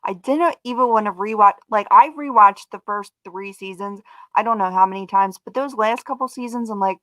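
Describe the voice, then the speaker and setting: A woman co-hosting a live talk show, chatting in an animated, casual way and swearing and laughing easily. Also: mid-range voice, fairly quick, no room sound. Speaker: co-host. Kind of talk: casual chat.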